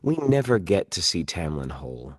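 A man's voice: deep voice, big pitch swings, normal speed. A man who works as a voice actor, talking casually and reflectively as an interview guest, with playful self-deprecating asides.

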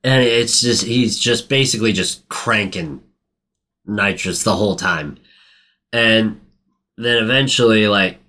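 Man, bright voice, casual chat, rambling, swears a lot, acts out scenes. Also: lowish voice. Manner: profane, rambling, quick to act out lines. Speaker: podcast co-host recapping a movie.

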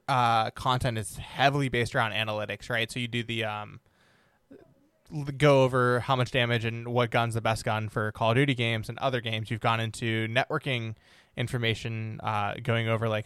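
A young man hosts a relaxed interview, talking in a chatty, rambling way full of ums and restarts. His voice is smooth and clear, recorded close and dry with no room sound. He sits at a middle pitch for a man. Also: no room sound. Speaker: podcast host. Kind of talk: casual interview chat.

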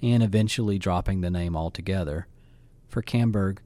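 A man hosting a podcast, reading scripted narration in a measured, even way. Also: low voice. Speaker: podcast host. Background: faint guitar music.

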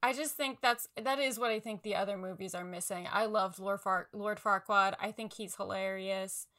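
A young woman co-hosting a podcast, chatting in an animated, lively way about films. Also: medium pitch, moderate pace. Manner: animated, laughs often. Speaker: podcast co-host. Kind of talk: casual film chat.

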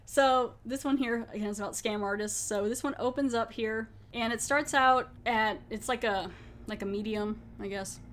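A woman's voice: fairly high pitch, fairly even intonation, moderate pace. A woman hosting a podcast, talking in a chatty, rambling way and laughing often. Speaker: podcast host. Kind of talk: casual chat.

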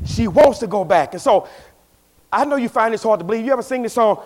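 This man preaches with a strikingly high voice and a Southern US Black vernacular accent. His delivery is folksy call-and-response, telling homely stories before climbing into shouted exhortation. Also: lively intonation, fast. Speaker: pastor. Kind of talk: preaching a sermon.

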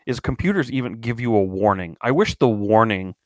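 A man's voice: on the low side, expressive, a little fast, no room sound, studio quality. A man co-hosting a podcast, bantering with wry jokes in casual chat. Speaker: podcast co-host.

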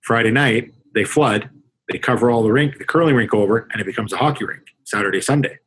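A man's voice: medium pitch, fast, fairly bright tone, a little hiss or hum, rough recording. A man from Canada, a hockey coach, talking through his coaching experiences in a casual interview, reflective and full of restarts. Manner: conversational, reflective, with frequent restarts.

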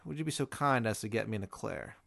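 A man voicing an eerie male spirit with a smoke face, speaking softly and politely with a quiet menace. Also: fairly low pitch, expressive, fast talker, vocal fry, no echo, clean studio sound, heavily acted. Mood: quietly menacing. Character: eerie male smoke-faced spirit, glowing red eye.

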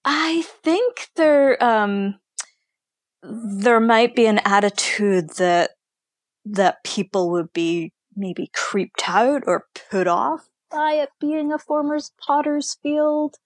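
A woman's voice: on the high side, takes it slowly, no room sound. Woman tour guide telling stories, dry sound. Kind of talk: conversational storytelling interview.

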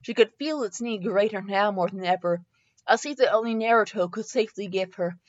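A woman's voice: mid-range voice, brisk, highs cut off. Woman reading fanfiction aloud, stumbling over typos. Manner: stumbles, laughs at typos and corrects herself. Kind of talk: comedic dramatic reading with asides.

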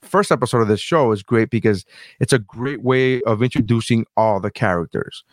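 A man at a middle pitch, hosting a loose podcast conversation. He gushes in long, rambling stretches, cursing often, and the sound is close and dry with no room around it. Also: moderate pace, no echo. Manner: enthusiastic, rambling, swears freely. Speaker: podcast host. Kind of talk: casual chat.

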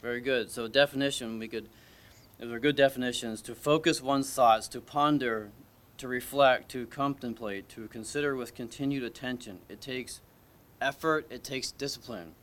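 A man delivers a sermon to a church congregation in an easy, conversational manner. He hesitates often, restarts his sentences and asks his listeners questions. His voice sits in a middle pitch. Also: steady tone, moderate pace, a bit bright. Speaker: preacher. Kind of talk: informal sermon with story. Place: church service.

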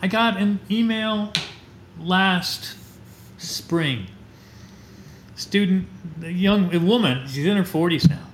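A man's voice: high-pitched, slow pace, long pauses. A middle-aged man, a teacher and astronomer, telling heartfelt stories as a guest in a podcast interview. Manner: animated, heartfelt storyteller. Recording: roomy echo with faint noise.

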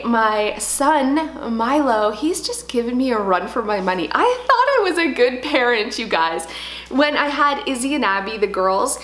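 A woman in her thirties, a home decor vlogger telling a story in casual, animated chat. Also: on the high side. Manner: chatty, animated storytelling with laughs. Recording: echoey room.

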